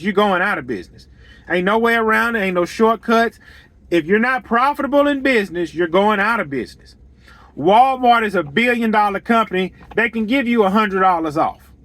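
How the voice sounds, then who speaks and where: A man's voice: sits high, lively intonation, fairly quick, a bit bright, no echo. A man who runs a lawn care business, giving blunt, emphatic advice on pricing and repeating his points to drive them home. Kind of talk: straight-talking business advice monologue.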